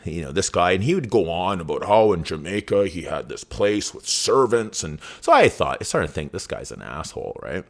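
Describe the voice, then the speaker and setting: Deep-voiced, rambling podcaster. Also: male voice, lively intonation, moderate pace, hardly any pauses. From Vancouver, Canada. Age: around 50. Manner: rambling, profane, full of "right?" and "you know". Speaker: true crime podcast host. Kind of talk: casual personal storytelling.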